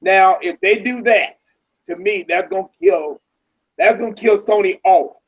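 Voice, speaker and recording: Man, high voice, muffled lo-fi sound, casual gaming chat. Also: measured pace, breathy edge. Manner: agreeable, chimes in, then holds forth. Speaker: co-host.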